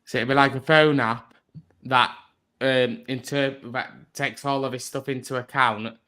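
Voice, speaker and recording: A man's voice: medium pitch, steady tone, unhurried, bright, forceful tone. A man chatting as a livestream guest, explaining things at length with many hesitant fillers. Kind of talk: casual chat.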